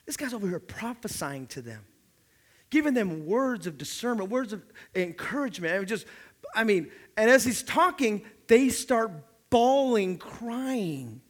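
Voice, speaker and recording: A man preaching a sermon, telling animated stories and building to loud, emphatic preaching. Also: high-pitched, moderate pace. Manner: animated storytelling, acting out the people in his stories. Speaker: pastor.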